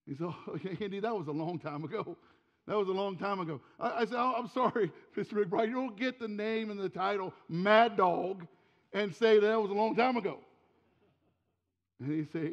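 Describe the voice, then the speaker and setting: Man, pastor, forties, sermon, high voice, dull echoey church hall sound. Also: moderate pace. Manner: storytelling, swinging from hushed to forceful. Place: church sanctuary.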